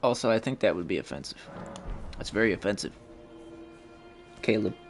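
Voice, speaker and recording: A man's voice: fairly low pitch, lively intonation, moderate pace, vocal fry, music in the background. A man streaming a game live, cursing and trash-talking opponents and chatting casually with viewers. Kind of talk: live gaming stream commentary.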